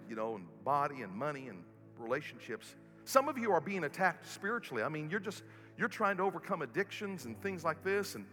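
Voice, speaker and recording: High, bright-voiced pastor preaching in a hall. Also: male voice. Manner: builds to loud preaching peaks, then drops low and soft. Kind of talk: sermon. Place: church sanctuary. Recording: long hall reverb, faint music.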